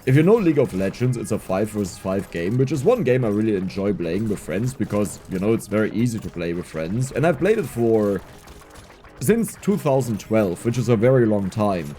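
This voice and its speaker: A man giving casual gameplay commentary, excitable and laughing often, with a strained, scratchy voice. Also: on the low side, normal speed, soft background music. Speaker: gaming YouTuber.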